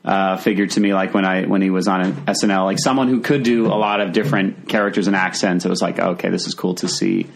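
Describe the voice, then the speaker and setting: A man's voice: deep voice, fairly even intonation, fast talker, gravelly, few pauses. A man talking casually as a podcast guest, rambling with many fillers and restarts. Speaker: comedian guest.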